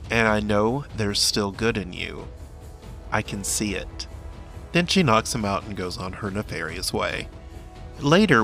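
A man narrating a scripted video essay in a measured, earnest and reflective way. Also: on the low side, a bit bright. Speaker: commentator. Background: faint background music.

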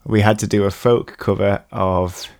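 Man co-host, lowish voice, self-deprecating and rambling, remote call. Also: level tone, moderate pace, a little mellow, dry recording, clean studio sound. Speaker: musician and co-host. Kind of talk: casual podcast chat.

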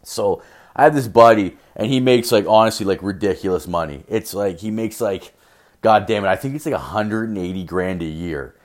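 A rowdy young man from Canada tells a story on his podcast, swearing constantly and playing out both sides of the exchange. His voice sits a little low, and he talks in a loose, casual way. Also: normal speed. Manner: profane, rowdy, acts out both sides of dialogue. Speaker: podcast host.

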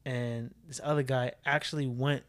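A young man co-hosting a podcast tells an animated story in casual chat, swearing freely. He has a mid-range voice and talks at a moderate pace.

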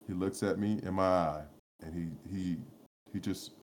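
Brief: very low-voiced podcast co-host, rambling, profane, laughs a lot. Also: male voice, fairly even intonation, measured pace, a little mellow, a little hiss or hum. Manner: rambling, profane, laughs often, lots of restarts. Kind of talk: casual chat, storytelling.

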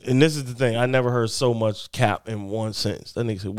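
A man's voice: medium pitch, steady tone, brisk, few pauses, clear, resonant tone, no room sound, studio quality. A man co-hosting a podcast, telling a story in a laid-back way and laughing often. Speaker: podcast co-host. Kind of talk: casual storytelling chat.

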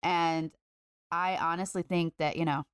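A woman's voice: on the low side, fairly even intonation, a little slow, clean tone, dry recording, studio quality. Upbeat, chatty woman on a podcast. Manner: upbeat, chatty, heavy fillers. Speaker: podcast co-host. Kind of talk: casual podcast chat.

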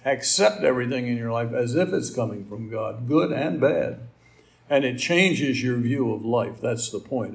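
A man's voice: mid-range voice, animated, normal speed, gravelly. A middle-aged man giving a conversational sermon, folksy and rambling, with asides and fillers. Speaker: preacher.

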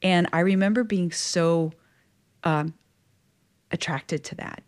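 Louisiana-raised nun, interview guest; slightly low female voice, chatty, expressive storyteller. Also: slow. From Louisiana, USA. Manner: chatty, expressive, frequent "like" fillers. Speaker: guest, Catholic religious sister. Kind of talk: personal storytelling in conversation.

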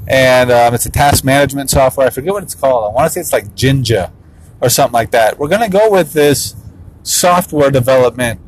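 A man's voice: mid-range voice, lively intonation, brisk, slight background noise, poor audio. A man in his thirties, a father and business owner, talking casually, laughing often and playfully mimicking his kids. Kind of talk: casual vlog monologue.

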